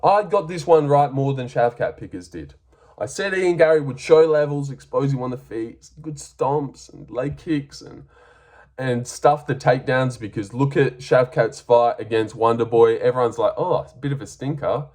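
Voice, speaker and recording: A man's voice: medium pitch, normal speed, darkish tone. A young Australian man giving a casual, blunt and profane breakdown of fights, sarcastic and full of ums. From Western Australia. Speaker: MMA fight reviewer.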